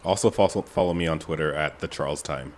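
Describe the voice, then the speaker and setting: A man's voice: a bass voice, fast talker. A man guesting on a podcast, making short, laid-back remarks in casual chat.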